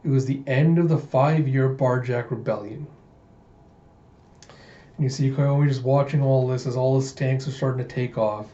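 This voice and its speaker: A man walks through a manga's chapters in a chatty, enthusiastic manner. His voice is mellow and warm in tone. The recording sounds dull and echoes around the room. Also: medium pitch, fairly even intonation, moderate pace. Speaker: manga read-through host. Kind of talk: casual manga recap.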